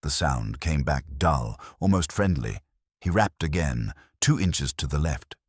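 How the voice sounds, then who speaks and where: A man narrating a mystery audiobook in a measured, atmospheric storytelling manner. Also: very deep voice, animated, breathy edge, no echo, clean studio sound.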